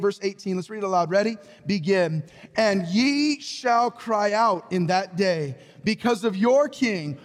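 A man preaching a sermon as pastor, calling out to the congregation and swinging between booming exhortation and low, earnest tones. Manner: preaching with call-and-response to the congregation. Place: church sanctuary. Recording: hall reverb.

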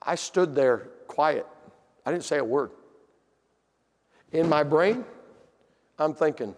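A man's voice: a little high, lively intonation, slow pace, pauses often. A man preaching a sermon, telling a personal story in an emotional, self-deprecating way. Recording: long hall reverb.

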